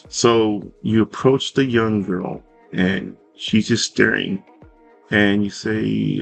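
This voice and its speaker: Husky guy game mastering, kinda rambly and laid back, soft music playing under. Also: fairly low pitch, slow pace. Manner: relaxed, rambling, with fillers and self-corrections. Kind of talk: narrating a tabletop game.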